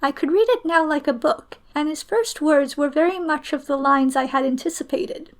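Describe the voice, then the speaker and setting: A woman reading a story aloud in a measured, expressive way, as a storyteller. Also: sits high.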